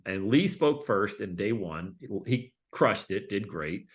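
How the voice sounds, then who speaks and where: Taking it slowly in a lowish voice, a guest who works as a public speaker and coach tells stories in a relaxed interview. His manner is loose and animated, and he performs quoted voices.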